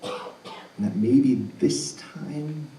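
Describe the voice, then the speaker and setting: A man telling a true personal story live on stage, earnest and animated with laughing asides. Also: medium pitch, extremely slow, a little hiss or hum. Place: stage in an arts center hall. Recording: roomy hall audio picked up from a distance.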